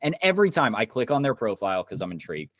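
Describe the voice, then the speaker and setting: Young man, low voice, dry close sound; heated swearing podcast rant. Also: lively intonation, fast talker, a bit bright, no room sound. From Indiana. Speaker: podcast co-host. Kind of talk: casual podcast chat.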